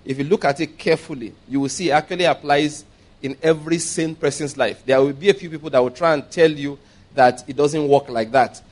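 A man preaching a sermon, emphatic and slowing down to stress key words, often checking that his listeners follow. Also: a little high. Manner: emphatic, stretches key words slowly, asks the congregation for agreement.

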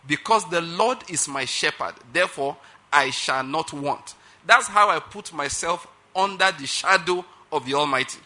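A man's voice: on the high side, normal speed, bright, forceful tone. A middle-aged man preaching a sermon emphatically, often checking that listeners follow his point. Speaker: pastor.

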